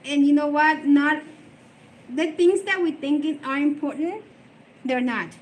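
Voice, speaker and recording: A woman's voice: high-pitched, measured pace, darkish tone. A middle-aged woman chatting casually on a live stream, emotional and rambling as she answers viewer comments.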